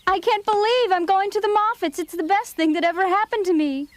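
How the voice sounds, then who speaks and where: A woman voicing Meg, a dreamy and excitable older teenage girl in a dubbed cartoon, who gushes. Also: extremely high pitch, a little fast, no room sound. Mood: excited.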